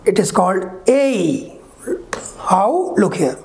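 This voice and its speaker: A woman teaching English phonetics in an online lecture, slowly drawing out each example sound. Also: medium pitch, lively intonation, gravelly, a little mellow. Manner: slow, deliberate, drawn-out example sounds.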